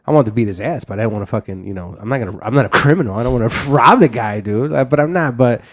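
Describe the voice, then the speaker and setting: A man in his thirties talks fast in a loose, casual podcast chat. He rambles through stories, swears freely and laughs often. His pitch sits in the middle of the range. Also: animated. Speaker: podcast host.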